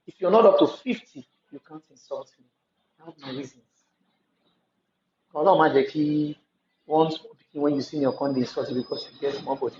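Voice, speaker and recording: A woman's voice: low voice, brisk, long pauses, darkish tone, slight background noise. A woman with a Nigerian accent, talking at length in an emphatic storytelling way and repeating herself for stress. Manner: talkative, emphatic storytelling with repetitions. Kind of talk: casual monologue. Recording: echoey, slightly dull room recording.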